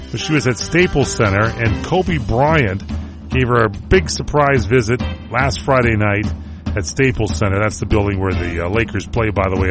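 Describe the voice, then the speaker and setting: A man hosting a talk radio show, chatting casually and joking about entertainment news. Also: mid-range voice. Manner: wisecracking, rambling.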